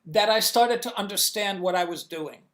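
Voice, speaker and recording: A man guest in an interview on a video call, answering in a halting way with many restarts as he searches for words. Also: high voice, a bit bright. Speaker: comics inker, guest.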